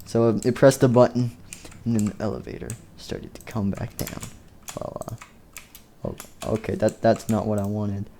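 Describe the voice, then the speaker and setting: A man's voice: on the low side, steady tone, normal speed, gravelly, dark tone, a little hiss or hum. A man casually narrating a homemade game-animation story, rambling with fillers and restarts. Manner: rambling, lots of fillers, laughs at own story.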